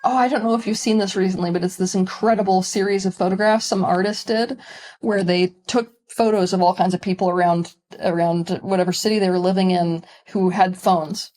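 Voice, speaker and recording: A woman's voice: mid-range voice, steady tone, brisk, darkish tone. A woman talking as a guest on a podcast, speaking emphatically and with passion. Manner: emphatic, impassioned. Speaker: guest, spiritual teacher. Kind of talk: casual interview conversation.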